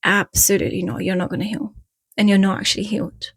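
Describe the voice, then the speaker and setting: A woman's voice: mid-range voice, flat delivery, fast, a bit bright, breathy edge, dry recording. Woman w/ eastern european accent, blunt chatty vlog advice, wanders off topic, dry close sound. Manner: frank and chatty, drifts off topic, laughs at herself. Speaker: vlogger giving breakup advice. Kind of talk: casual direct-to-camera talk.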